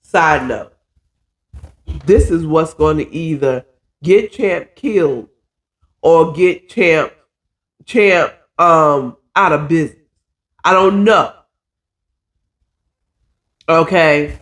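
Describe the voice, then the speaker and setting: Male podcast host, easygoing story recap, talks slowly, recorded in an echoey room. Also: on the high side, a bit bright. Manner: loose and digressive, with side comments and swearing. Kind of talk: casual retelling of a novel chapter. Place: alone in a room.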